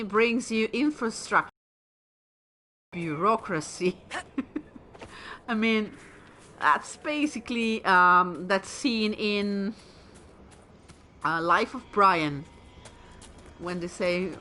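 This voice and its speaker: A woman casually commentating her game stream, chatty and excitable, sounding tired. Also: mid-range voice, slow, pauses often. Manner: chatty, excitable, swears and laughs. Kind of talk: casual let's-play commentary.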